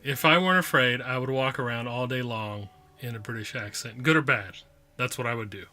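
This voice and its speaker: A man's voice: medium pitch, sharp tone. A man hosting his own podcast, talking casually and playfully with lots of repetition and asides. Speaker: podcast host. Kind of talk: casual solo review.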